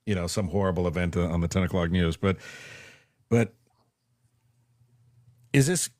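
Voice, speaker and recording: A man's voice: low voice, unhurried, a little mellow, no echo, studio quality. A man hosting a casual interview, reflective and searching for his words, often restarting sentences. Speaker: podcast host.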